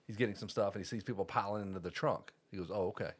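A man hosting a podcast, telling lively stories in casual chat and acting out quotes. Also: fairly low pitch, very fast, slightly rough. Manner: animated storyteller, acts out quotes. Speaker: podcast host.

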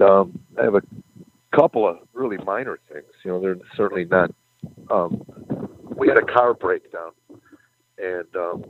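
A man telling the story of his faith in an earnest, halting way, choking up at times. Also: lowish voice. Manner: earnest, halting, chokes up when moved. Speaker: comedian guest. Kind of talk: emotional faith testimony. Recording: tinny phone-like line.

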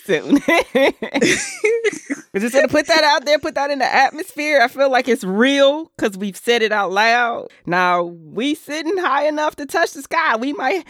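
Wry, bright-voiced woman podcast co-host. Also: sits high, big pitch swings, measured pace, dry recording, clean studio sound. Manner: wry, teasing, laughs a lot. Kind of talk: casual podcast chat.

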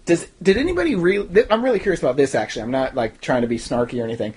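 A man's voice: on the high side, rapid-fire, darkish tone, slight background noise. A young man ranting casually and snarkily in a TV episode review, with mocking asides. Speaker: TV recap podcaster.

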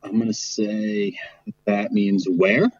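A man's voice: lowish voice, little pitch movement, slow, darkish tone, no echo, highs cut off. A man guesting on a casual podcast, guessing puzzled at word meanings with many fillers.

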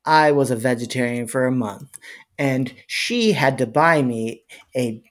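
A man on a podcast casually telling a story, chatting in a relaxed way and talking to the listeners. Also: medium pitch, unhurried. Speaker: podcast co-host.

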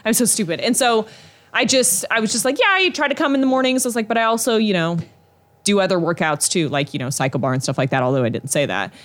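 Chatty young woman, lowish voice. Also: quick pace. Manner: chatty, animated retelling with fillers. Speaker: podcast co-host. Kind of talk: casual chat, storytelling.

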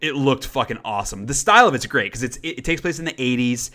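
Fast and forceful, this man speaks at medium pitch with bright, lively intonation. He co-hosts a podcast and rambles casually through movies he watched, stumbling over fillers and restarting sentences.

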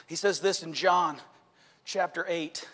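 A man preaching a sermon with passion and shouted emphasis, recorded in a church sanctuary. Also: fairly high pitch, steady tone, unhurried. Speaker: pastor. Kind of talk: Easter sermon. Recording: long reverb of a church hall.

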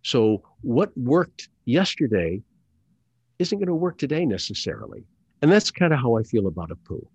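A middle-aged man, an actor and audiobook narrator, speaking as an interview guest in a deliberate, hesitant way with many fillers and restarts. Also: mid-range voice, big pitch swings, a little mellow, slightly rough, no echo. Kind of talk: conversational interview. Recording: dull lo-fi dry sound.

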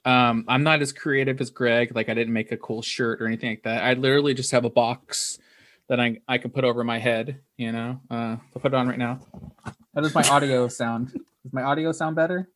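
A man's voice: medium pitch, steady tone, a little fast, fairly bright tone. Chatty laughing podcast host man. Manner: chatty, laughs often, rambling. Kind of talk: casual chat.

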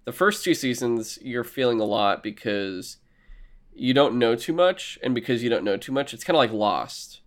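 A man's voice: mid-range voice, expressive, moderate pace. A man co-hosting a casual chat about TV shows, rambling and swearing, acting out his own reactions. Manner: rambling, profane, acts out reactions in quoted voices. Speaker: podcast co-host.

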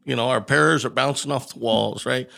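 A man's voice: medium pitch, moderate pace, creaky, pushed and bright. A man who is a podcast guest, telling a story in a casual way and acting out the dialogue he quotes.

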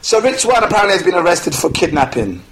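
A man co-hosting a casual podcast, relaxed and rambling, often laughing as he recaps news. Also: high-pitched, fast. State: has a toothache. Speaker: podcast co-host. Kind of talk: casual chat. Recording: noisy home recording with clicks.

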